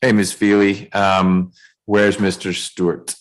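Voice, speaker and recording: A man presiding as judge over a remote court calendar hearing, speaking in a measured way with dry jokes, over a video call. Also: deep voice, little pitch movement, low-quality recording.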